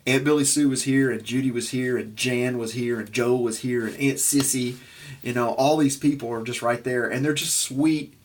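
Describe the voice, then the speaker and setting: A man from Arkansas, telling family stories in casual chat, animated and full of restarts. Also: medium pitch, normal speed.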